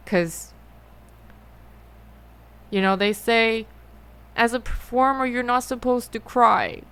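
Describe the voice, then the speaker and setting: A young adult woman talking through her feelings in a personal monologue, halting and often rephrasing herself. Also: a little high, fairly bright tone, clear, resonant tone. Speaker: musician and host.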